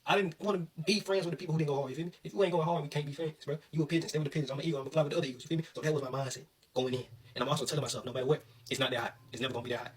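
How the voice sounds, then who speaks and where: A young man from Alabama telling a story in an animated, slangy way. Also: fairly high pitch, rapid-fire, breathy edge, distant mic, rough recording. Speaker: vlogger. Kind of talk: casual storytelling.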